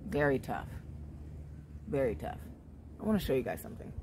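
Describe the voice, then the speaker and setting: A woman vlogging in a casual, relaxed way about spiritual growth, often checking in with "right?". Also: a bass voice, moderate pace, a little hiss or hum. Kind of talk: casual spiritual vlog talk.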